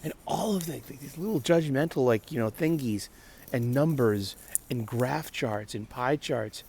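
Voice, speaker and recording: A man's voice: medium pitch, unhurried, a little mellow. Rambling man chatting solo, faint noise. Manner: rambling, with many restarts and laughs. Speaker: podcast host. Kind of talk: casual solo chat.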